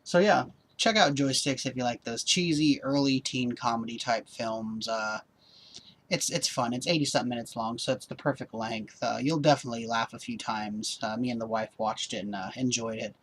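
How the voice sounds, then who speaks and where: A man's voice: mid-range voice, normal speed, breathy edge. A man casually reviewing a movie on home video, upbeat and rambling, with lots of ums and uhs. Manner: relaxed, upbeat.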